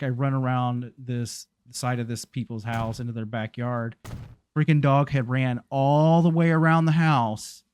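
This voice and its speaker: A man's voice: medium pitch, clear, resonant tone, no room sound. A man, hosting a gaming channel and telling a rambling story while he plays, full of restarts and fillers. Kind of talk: casual storytelling while playing a game.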